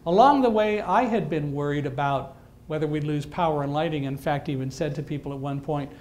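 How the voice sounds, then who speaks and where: High-voiced man telling a story on stage. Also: fairly quick. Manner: lively storyteller who acts out quoted lines, dry humor. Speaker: guest speaker. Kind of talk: storytelling talk to an audience.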